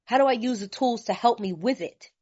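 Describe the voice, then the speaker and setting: A woman from California sharing her story at a recovery meeting, blunt, animated and laughing, with streetwise talk. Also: on the high side, fairly quick, slightly rough. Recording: dull lo-fi recording.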